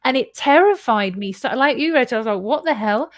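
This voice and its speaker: A woman's voice: fairly high pitch, lively intonation, fairly quick, no echo, clean studio sound. A woman telling a personal story to a host in casual conversation, rambling and candid, swearing freely and acting out her own reactions. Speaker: guest.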